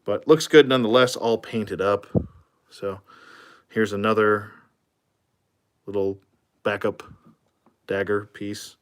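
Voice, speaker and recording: Low-voiced man rambling through a toy review. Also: fairly even intonation, slow pace, long pauses, clear, resonant tone. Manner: rambling, many fillers and chuckles. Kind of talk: casual product review.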